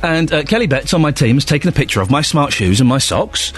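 A man hosting a radio phone-in in a playful, animated, jokey way. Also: on the high side, fast talker, slightly rough.

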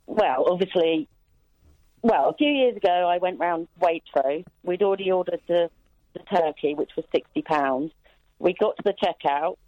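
A man's voice: high-pitched, lively intonation, normal speed, no echo, dull audio. A man calling a radio phone-in, chatty and a little apologetic as he tells a story. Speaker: caller. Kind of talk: phone-in call.

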